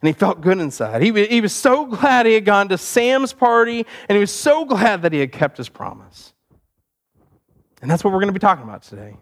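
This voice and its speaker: A male pastor telling a story in a sermon, animated and conversational with easy laughs. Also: sits high, a little fast.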